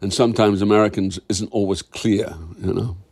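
An older Scottish man speaking as an interview guest, with a lowish voice. He tells stories animatedly, acting out the voices in them and tripping over his restarts. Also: normal speed. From Scotland. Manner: animated, acts out quoted dialogue, restarts mid-sentence. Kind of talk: conversational interview storytelling.

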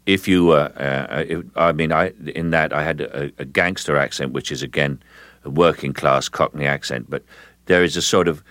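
Deep-voiced older man from London. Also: fairly bright tone, no room sound. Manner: measured, deliberate, with frequent restarts and low chuckles. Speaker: actor, interview guest. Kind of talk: relaxed, anecdotal interview talk.

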